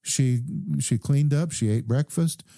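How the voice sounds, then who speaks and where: A man, a doctor guest on a podcast, calmly telling a story and quoting the people in it. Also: mid-range voice, dry recording, studio quality. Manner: calm, measured recounting with quoted dialogue. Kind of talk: conversational storytelling.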